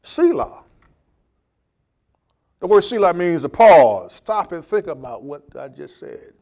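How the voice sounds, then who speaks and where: A man preaching from the pulpit in a slow, deliberate cadence. His voice sits slightly high for a man, and he leans hard on key phrases before dropping almost to a murmur. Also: big pitch swings. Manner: slow, emphatic preaching with wide swings in loudness. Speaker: pastor. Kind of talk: sermon.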